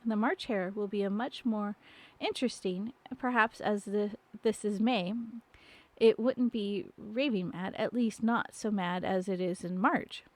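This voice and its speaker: A woman's voice: mid-range voice, measured pace, lightly acted. A woman voicing a polite, curious and slightly timid young girl in a storybook reading. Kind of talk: storybook reading on a live stream.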